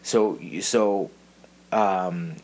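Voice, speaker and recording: A man's voice: deep voice, extremely slow. A man in his thirties hosting a podcast, chatting casually and telling stories with frequent laughs. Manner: animated storyteller, laughs often. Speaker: podcast host. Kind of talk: casual chat.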